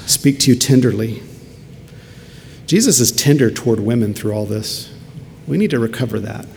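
A man's voice: mid-range voice, vocal fry, slight background noise. A man preaching a sermon earnestly, building to emphatic peaks. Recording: long hall reverb, faint ambience.

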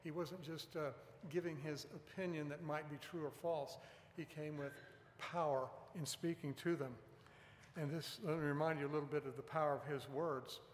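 A man's voice: fairly high pitch, steady tone, moderate pace, a little hiss or hum. A man preaching a sermon in an earnest, emphatic way, pressing on key words. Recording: echoey hall with long reverb.

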